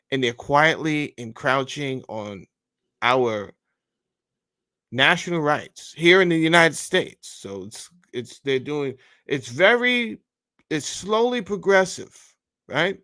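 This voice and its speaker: A man's voice: on the high side, a bit bright. A man hosting a podcast, giving blunt, heated commentary full of profanity while reading from a bill. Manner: heated, blunt and profane, says bro a lot. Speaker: podcast host.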